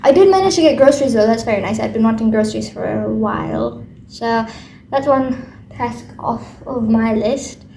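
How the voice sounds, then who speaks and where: A young woman talks through her study plans in a loose, rambling video diary, full of ums and restarts. Her voice sits a little high and often crackles into fry, with a faint hum underneath. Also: normal speed, dark tone. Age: young adult. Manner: rambling, self-talking with many fillers. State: tired late at night. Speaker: student vlogger.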